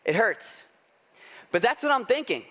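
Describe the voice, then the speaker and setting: A man's voice: extremely high pitch, measured pace. A man preaching a sermon as pastor, telling stories in a chatty, self-mocking way with lots of "like" and "right?". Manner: animated storytelling with self-deprecating humor; conversational, frequent "like" and "right?".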